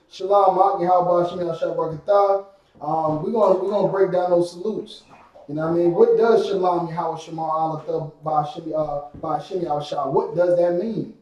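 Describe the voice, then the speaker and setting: A man's voice: a little high, dark tone, highs cut off. A man teaching a live-streamed class, casual and repetitive, with many fillers. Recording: echoey room from far off.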